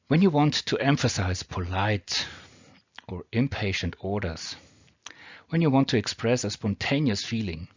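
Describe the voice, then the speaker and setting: A low-voiced man with a German accent walks through English grammar rules. He speaks slowly and deliberately and reads each example with care. The recording is dry and dull, as if made on a cheap mic at home. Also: dry recording. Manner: slow, deliberate, reads example sentences carefully. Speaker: teacher. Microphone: built-in or cheap mic.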